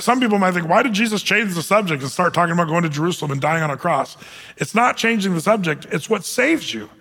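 A man's voice: fairly high pitch, bright, forceful tone, big-room sound. A male pastor preaching a conversational sermon and reading scripture aloud, with frequent fillers and restarts.

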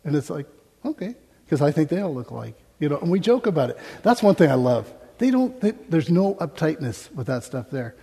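A man's voice: fairly high pitch, big pitch swings, fairly quick, gravelly, mellow, slightly rough. An American man preaching a sermon from a stage microphone, telling funny stories and laughing often. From United States. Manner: humorous, anecdotal, laughs often. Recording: reverberant hall.

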